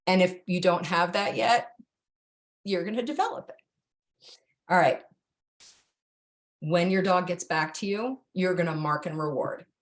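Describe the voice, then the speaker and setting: A woman's voice: unhurried, long pauses. A chatty middle-aged woman explains dog training step by step in a plain, everyday voice. She talks directly to her students, keeps asking "right?" and lightly teases them along. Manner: chatty, direct, jumps to a high sing-song for cue words. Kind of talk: online course instruction.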